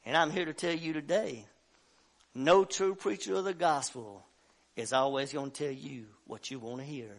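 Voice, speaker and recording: Pastor preaching in a church, voice sits high, acts out the story voices, climbs to shouting. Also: male voice, normal speed, gravelly. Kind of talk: sermon. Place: church sanctuary.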